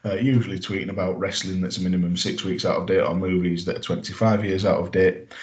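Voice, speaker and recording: A man's voice: low voice, level tone, fast, a little mellow. A man chatting as a podcast guest, wry and self-deprecating. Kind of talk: casual podcast chat.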